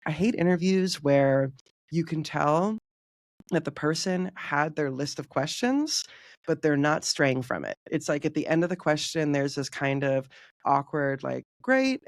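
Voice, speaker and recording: A man's voice: on the high side, moderate pace, creaky, no echo, studio quality. A man answering interview questions in a casual, chatty way, often saying "like" and acting out bits of remembered dialogue. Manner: chatty, heavy use of "like", acts out quoted dialogue. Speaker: podcast guest, community manager.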